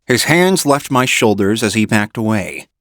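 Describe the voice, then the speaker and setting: A man reading an audiobook in measured first-person narration. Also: lowish voice, expressive, a bit bright, dry recording, clean studio sound.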